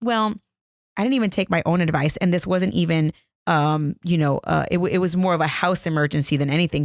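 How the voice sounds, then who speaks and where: A woman's voice: on the low side, lively intonation, quick pace, no room sound. A woman in her thirties hosting a podcast, telling a story in a chatty, self-mocking way into a close microphone. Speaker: podcast host. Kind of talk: casual storytelling. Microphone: close podcast mic.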